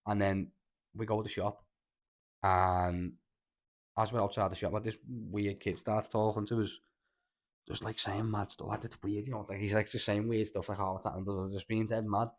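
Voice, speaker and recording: A young man with a Scouse accent telling rambling, animated stories in casual podcast chat, full of slang and swearing. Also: on the low side, normal speed. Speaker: podcast host.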